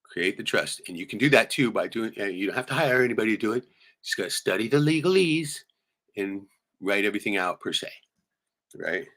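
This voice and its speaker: A man's voice: fairly low pitch, expressive, fairly quick. A middle-aged man streaming live, swearing freely and rambling through stories while showing photos. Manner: profane, rambling storyteller with sudden loud jumps. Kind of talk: casual venting monologue showing photos.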